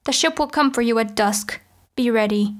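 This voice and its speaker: A woman's voice: a little high, normal speed, natural voice. A woman voicing a proud, wrathful goddess who speaks in a cold, imperious, biting way.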